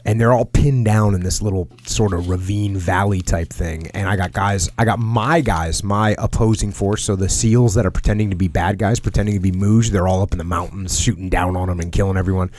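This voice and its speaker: A man's voice: low voice, steady tone, a little fast, hardly any pauses, darkish tone. A man hosting a podcast, telling a military training story casually with lots of jargon and restarts. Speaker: podcast host.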